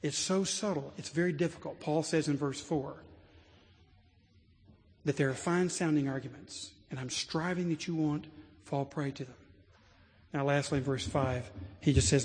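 A male preacher delivers a sermon in a large church, his voice sitting a little high. He tells stories earnestly and climbs to animated emphasis. Every word trails off into the long reverb of the sanctuary. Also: normal speed.

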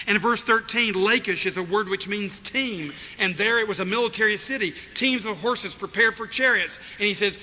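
A man's voice: high-pitched, moderate pace, bright, forceful tone. A man preaching an expository sermon, emphatic and acting out the voices he quotes. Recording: reverberant hall, faint noise.

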